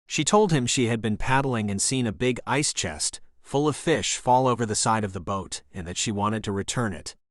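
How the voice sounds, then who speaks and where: A man narrating an action thriller audiobook in a steady, even reading voice. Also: on the low side, normal speed, hardly any pauses, no room sound, studio quality. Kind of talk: scripted narration.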